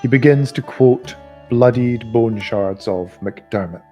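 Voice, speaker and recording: A man reading a novel aloud in a live reading, expressive and giving the characters voices. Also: medium pitch, takes it slowly, lo-fi sound, soft background music. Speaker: audiobook reader.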